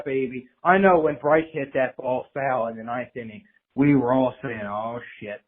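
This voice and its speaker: Male caller, loud profane fan rant, phone-line audio. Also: mid-range voice, moderate pace. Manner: rowdy, profane, acts out quotes.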